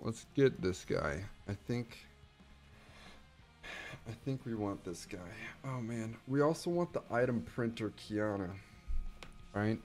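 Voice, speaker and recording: A young male streamer narrating his own game in a casual, animated way. His pitch leaps around as he swings from quiet muttering to loud, excited outbursts, with faint music behind him.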